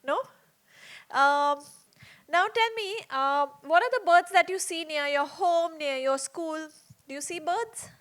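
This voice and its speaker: A woman's voice: extremely high pitch, takes it slowly, fairly bright tone. A woman telling a story to young children in a small theater, chatty and asking them lots of questions.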